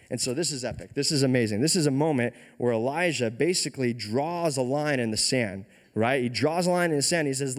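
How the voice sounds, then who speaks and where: Slangy, animated male preacher in a hall. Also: medium pitch, a little fast, hardly any pauses. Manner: animated, slangy, enthusiastic, repeats words. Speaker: pastor. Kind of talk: lively storytelling sermon.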